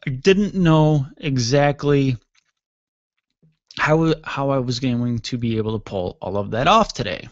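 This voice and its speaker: A man's voice: mid-range voice, measured pace, no room sound. A tired man hosting a radio show, telling a rambling, self-mocking story in a casual monologue. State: tired, yawning. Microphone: studio microphone. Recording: dull lo-fi dry sound.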